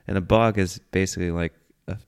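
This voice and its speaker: A low-voiced man in his thirties talks through a casual comedic monologue. His voice has a gravelly, creaky edge. He rambles, swears freely and pokes fun at himself as host. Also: fairly even intonation, fast. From United States. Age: 30s. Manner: rambling, profane, self-mocking. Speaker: podcast host.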